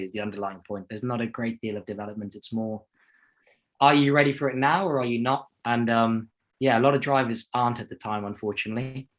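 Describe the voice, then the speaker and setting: Rambling, self-deprecating young man. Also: medium pitch. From South Africa. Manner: rambling, self-deprecating, many fillers and restarts. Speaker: guest, racing driver and coach. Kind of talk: casual interview chat.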